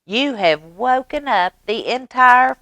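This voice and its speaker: A woman's voice: on the high side, expressive, slow pace, fairly bright tone, no room sound, muffled recording, voice pushed up, exaggerated voice. A woman voicing a curious, bold male possum who demands answers and raises his voice in a children's storybook reading. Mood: demanding. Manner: demanding, raising voice.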